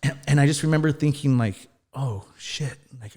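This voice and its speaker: A man's voice: medium pitch, quick pace, few pauses, a little mellow. A man in his thirties, a firefighter and podcast guest, telling his story casually, acting out quoted dialogue and swearing now and then. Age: 30s.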